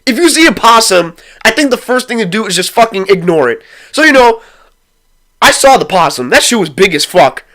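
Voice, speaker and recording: A man's voice: sits high, brisk. A young man telling a rambling, profane story about a night with friends in a casual vlog. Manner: rambling, swears constantly, excitable retelling.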